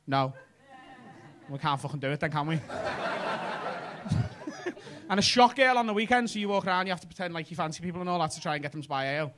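A man's voice: a little high, fast, long pauses, noisy background. A man with a Liverpool accent doing stand-up crowd work on a comedy club stage, cheeky and sweary as he banters with the audience.

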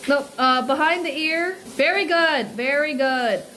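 Giggly high-voiced woman streamer. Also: a little slow, pushed and bright, slight background noise, poor audio. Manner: chatty, giggly, giving step-by-step directions. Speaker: streamer host. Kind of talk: casual live-stream chat.

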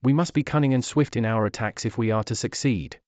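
A man voicing Harguth, a solemn adult male orc war chief who speaks in a grave, measured way. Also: mid-range voice, a little mellow, no room sound, close to an everyday voice.

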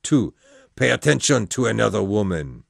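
Aristocratic male prince, confident and lecturing, low voice with a lively lilt, read by a male narrator. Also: normal speed, vocal fry, no echo, clean studio sound, full character voice.

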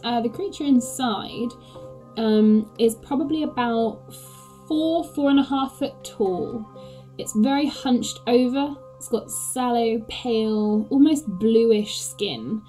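A woman's voice: a little high, takes it slowly, mellow, faint music behind, rough recording. A woman game master narrating a tabletop game, describing scenes hesitantly with many fillers.

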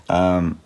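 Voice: sits low, darkish tone, slightly rough. A cross-stitch vlogger in a casual chat, answering viewer questions in a rambling way with many ums and little laughs. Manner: talks to a pet between answers.

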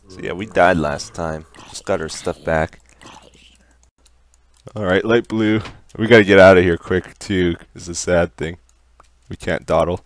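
A young man giving let's play commentary on a video game, easily startled into yelps and laughs between calm, musing remarks. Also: deep voice, a little slow. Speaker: gaming commentator.

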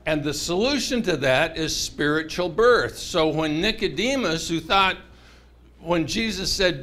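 A man's voice: high voice, moderate pace, a little hiss or hum. A man preaching a humorous mini-sermon to a chapel congregation, telling stories animatedly with voices. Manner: animated, jokey storytelling with voices.

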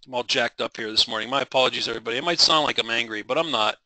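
A man's voice: medium pitch, rapid-fire, pushed and bright, no echo, rough recording. A middle-aged man leading a live trading webinar, passionate and driven, rambling with frequent restarts and apologies.

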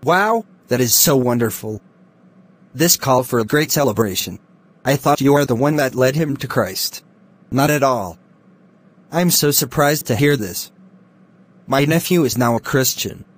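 A man voicing a humble, husky poor brother. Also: medium pitch, expressive, unhurried, long pauses. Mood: grateful. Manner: humble, grateful.

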